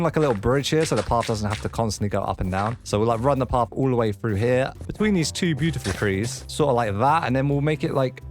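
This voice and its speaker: A man hosting a let's play, giving excitable gameplay commentary and chatting to the animals in the game. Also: mid-range voice.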